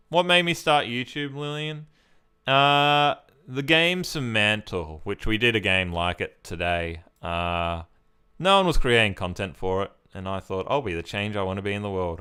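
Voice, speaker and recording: A man's voice: on the low side, lively intonation, unhurried, sharp tone, clear, resonant tone. An Australian man from Victoria, chatting casually on a live stream as he reads and answers viewer comments.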